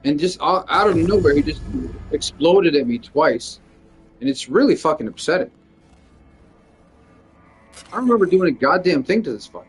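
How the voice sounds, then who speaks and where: A man's voice: a little high, animated, normal speed, pauses often, soft background music. A male stand-up comedian venting in a casual, rambling monologue, swearing freely and leaning heavily on "like". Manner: rambling, profane, lots of "like".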